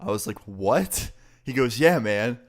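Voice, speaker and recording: Brief: young male vlogger, mid-pitched, casual profane story narration. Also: moderate pace. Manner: profane, animated, quotes people with pitch jumps.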